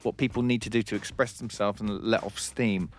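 A man's voice: fairly low pitch, fairly quick. A man hosting a comedy radio show, telling an anecdote in bantering chat with frequent laughter. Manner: animated storytelling, frequent laughs.

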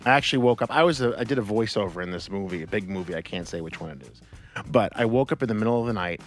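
A man hosting a casual radio chat show, telling animated stories, in a studio with faint music. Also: on the low side, rapid-fire. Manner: animated, tells stories with laughs. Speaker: radio host.

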